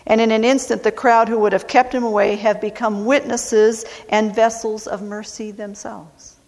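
A woman preaching a sermon, speaking deliberately and repeating phrases for emphasis. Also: on the high side, flat delivery, darkish tone. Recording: long hall reverb.

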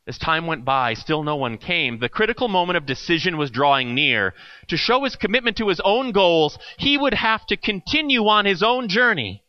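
High, lively male storyteller. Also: normal speed, dry recording, dull audio. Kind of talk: reading a parable aloud.

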